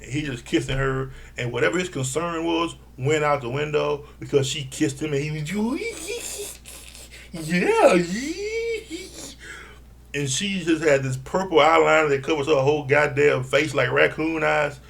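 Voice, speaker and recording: A man giving a blunt, profane casual recap of a reality TV episode, laughing often and mimicking people in a higher voice. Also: fairly even intonation, fairly quick, vocal fry, hardly any pauses, a bit bright. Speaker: reality TV reviewer.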